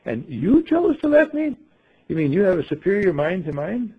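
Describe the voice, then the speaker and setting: A man voicing a flustered, timid older woman who stammers in a high, fluttery voice. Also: fast, slightly rough, phone-quality sound.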